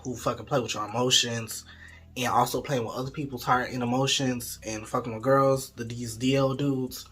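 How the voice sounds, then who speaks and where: A young man telling a storytime vlog story in an animated, profane, gossipy way. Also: medium pitch, moderate pace, husky. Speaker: vlogger.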